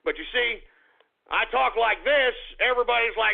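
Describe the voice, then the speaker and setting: A man's voice: very high-pitched, vocal fry. A man hosting a radio show, ranting in a combative, repetitive way. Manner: combative, repetitive, talks fast and heated. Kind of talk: call-in radio rant. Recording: tinny phone-like radio audio.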